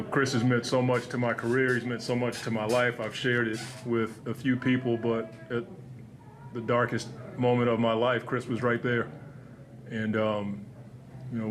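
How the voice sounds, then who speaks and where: A basketball coach at a post-game press conference, speaking in a halting, earnest and heartfelt way. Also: male voice, medium pitch, slight background noise.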